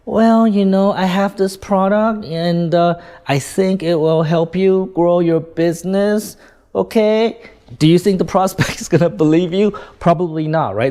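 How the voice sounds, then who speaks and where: Brief: male sales coach, slightly higher voice, casual lecture to camera, peppers every point with "right?". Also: a little mellow. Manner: keeps checking in with "right?", demonstrates with gestures; plain-spoken, swears casually.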